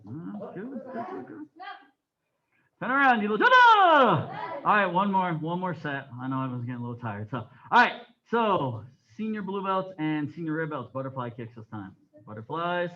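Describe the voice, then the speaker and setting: A man running a taekwondo class, his voice high and lively as it swings from barked counts to calm explanation. The recording is dull and lo-fi, like a class filmed in a training hall. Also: normal speed. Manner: barks counts and commands, then explains calmly. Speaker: taekwondo instructor. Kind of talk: coaching a martial arts class. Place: martial arts training hall.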